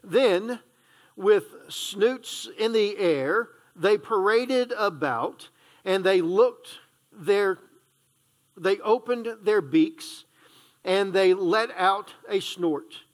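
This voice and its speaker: Pastor guy reading a kids' book out loud, real slow, high voice, trips on words and backs up. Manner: reads slowly and playfully, stumbling and correcting himself, adding asides. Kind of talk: reading a children's storybook aloud in church.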